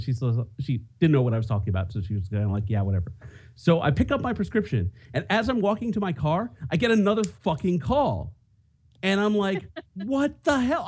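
A man's voice: on the high side, a little mellow. A man co-hosting a podcast, telling a rambling story in casual chat with many restarts. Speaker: podcast co-host.

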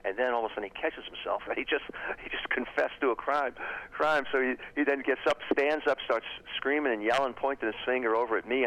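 A man who is a former FBI profiler, speaking as an interview guest in a halting way and often repeating his words. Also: medium pitch, fairly bright tone, muffled recording. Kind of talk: casual interview talk.

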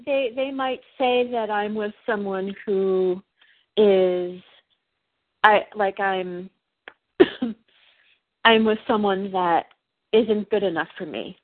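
A woman speaks haltingly, often breaking off and restarting as she works through her feelings with a coach. Her voice sits at an ordinary pitch. It comes through a thin, phone-like line that is dry and close. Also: no echo. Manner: halting, hesitant, many restarts. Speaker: client. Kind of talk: coaching session conversation.

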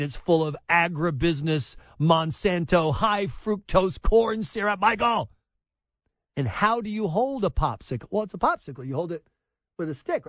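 A man hosting a talk radio show, delivering a sarcastic monologue and acting out shrill scolding voices. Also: lively intonation, moderate pace, fairly bright tone, no echo.

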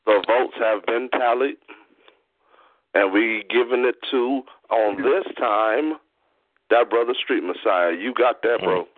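A man's voice: medium pitch, slow, dry recording. A man, a regular on the show, announcing a battle winner in a laid-back slangy way. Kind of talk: casual call-in talk. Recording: tinny phone-like call audio.

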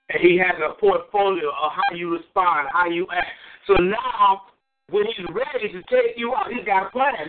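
A man preaching a sermon, swinging between high exclamations and low asides and repeating phrases for emphasis. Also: moderate pace. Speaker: pastor. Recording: tinny phone-line sound.

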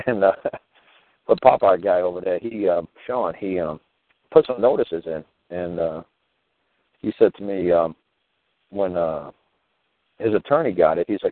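A man's voice: deep voice, a little slow, long pauses, dry recording. A man hosting a show, telling rambling stories in a casual, profane way, peppered with "you know" and "man". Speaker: show host. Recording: tinny phone-line sound.

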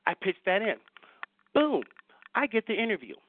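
A man guest on a radio talk show, telling anecdotes with excitement and acting out the dialogue. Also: high voice, moderate pace, a little hiss or hum. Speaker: guest writer. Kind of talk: animated storytelling in a radio chat. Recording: dry, phone-like line.

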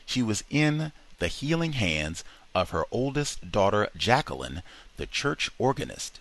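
Slow gravelly man reading a book aloud. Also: on the low side. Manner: expressive reading with quoted dialogue. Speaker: reader in a book study session.

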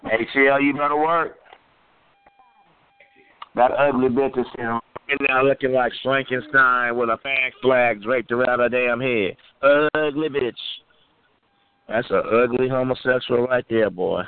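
A man hosting a call-in show, hurling crude, repetitive taunts at his callers. His voice sits at an ordinary pitch for a man. It comes through a thin, phone-like line with a dry, close sound. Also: fairly even intonation, a little slow, smooth, dry recording. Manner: loud, taunting, repetitive insults. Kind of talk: crude trash-talking call-in banter.

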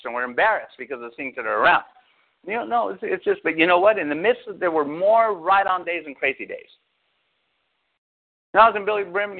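Animated preacher with a tinny sound. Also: male voice, fairly high pitch. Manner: animated preaching with rhetorical questions. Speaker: pastor. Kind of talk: sermon. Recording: phone-like narrow sound.

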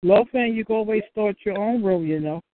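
A man's voice: sits high, a little fast, no echo, phone-quality sound. A man hosting a casual online community call in a laid-back way, often adding "you know". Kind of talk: casual group chat.

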